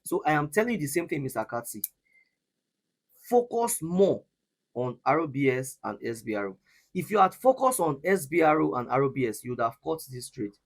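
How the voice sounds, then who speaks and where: Husky Nigerian man teaching trading. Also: fairly high pitch, sing-song, fairly quick. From Nigeria, Edo State. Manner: repetitive, emphatic, restarts often. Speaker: forex trading mentor. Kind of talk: live trading session teaching.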